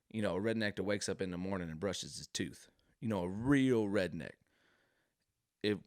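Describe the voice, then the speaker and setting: A man's voice: sits low, dry recording, studio quality. A man hosting a podcast, telling a rambling comic story full of digressions and fillers. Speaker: podcast host. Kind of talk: comedic storytelling monologue.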